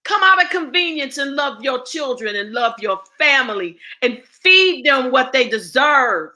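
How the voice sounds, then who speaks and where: A woman's voice: sits high, big pitch swings, unhurried, bright, forceful tone. A woman speaking as a guest and ritual teacher, blunt and profane, preaching with rhetorical questions. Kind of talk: impassioned spoken address.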